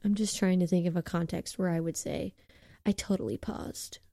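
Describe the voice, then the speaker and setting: A woman's voice: fairly low pitch, a little fast. A young woman co-hosting a podcast, chatting casually about a movie and quoting its lines. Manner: chatty, animated, quotes lines in put-on voices. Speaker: podcast co-host.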